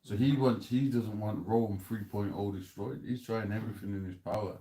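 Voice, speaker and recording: A man's voice: lowish voice, fairly even intonation, normal speed, dark tone. A man hosting a loose, laughing chat about scripture, in casual street slang. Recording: roomy echo.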